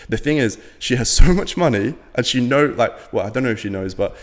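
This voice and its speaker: A man's voice: medium pitch, animated, a little fast, in a large hall. A man in his twenties from Latvia, a podcast guest talking bluntly and casually, with lots of fillers and swearing. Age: 20s. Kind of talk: casual interview talk.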